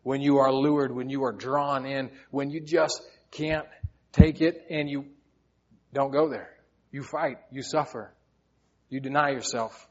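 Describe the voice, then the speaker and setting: A man's voice: mid-range voice, steady tone, unhurried, highs cut off. A man preaching a sermon, telling personal stories in an earnest, heartfelt way, often repeating words as he goes. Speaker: pastor.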